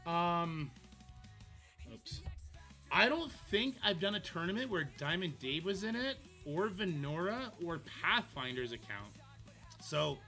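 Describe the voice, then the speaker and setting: Goofy, bright-voiced streamer dad. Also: male voice, a little high. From Canada. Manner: goofy and rambling, laughs easily. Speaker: mobile game streamer. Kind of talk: casual livestream chat.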